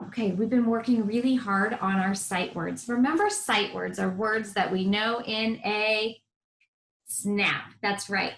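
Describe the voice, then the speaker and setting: A woman speaking at medium pitch teaches young children a first-grade lesson on television, cheering them on and sounding out letters sing-song style. The recording has a roomy echo.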